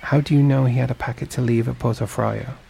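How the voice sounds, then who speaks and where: A man's voice: medium pitch, fairly even intonation, quick pace, creaky, mellow, a little hiss or hum, rough recording. A man reading a storybook and voicing a kindly, fatherly shipowner who asks questions. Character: male shipowner, warm and fatherly employer.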